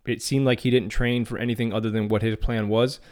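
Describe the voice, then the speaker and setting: This host runs a solo MMA news podcast, offering opinionated commentary in a casual manner with a few restarts. He talks fast, with a medium-pitched, darkish voice and flat delivery.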